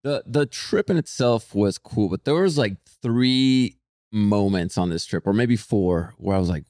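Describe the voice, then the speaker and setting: A young man co-hosting a podcast, telling a story in casual chat, animated and swearing, acting out people who shout. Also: lowish voice, a little slow, dry recording, studio quality. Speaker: podcast co-host.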